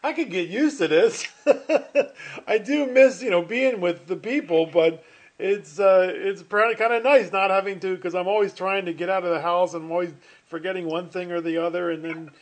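A man's voice: sits high, normal speed. A middle-aged man teaching a finance class online over a video call, chatty and rambling, often stopping and restarting with fillers. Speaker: finance professor. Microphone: computer mic on a video call.

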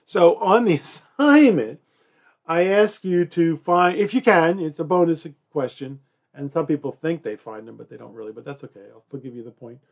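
A man teaching a college class in an easygoing, joking manner. His voice sits a little higher than most men's, and his talk is full of fillers and playful acted-out quotes. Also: lively intonation, normal speed. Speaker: college instructor. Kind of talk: recorded classroom lecture.

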